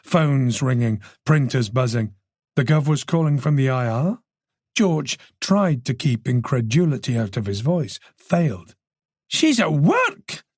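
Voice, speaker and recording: A man narrating a thriller audiobook in a taut, measured way. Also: mid-range voice, lively intonation, darkish tone, no room sound, clean studio sound.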